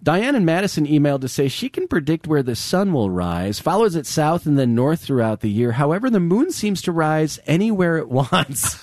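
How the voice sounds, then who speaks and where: Radio host, man, relaxed conversational delivery, dry studio sound. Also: a little high, dry recording. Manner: easygoing, chuckling, conversational. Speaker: radio talk show host. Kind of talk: live call-in radio talk. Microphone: studio microphone.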